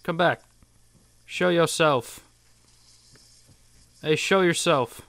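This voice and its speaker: A young man giving casual, excitable gameplay commentary, swearing and jumping into high yelps. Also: moderate pace, smooth, no room sound. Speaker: gaming YouTuber.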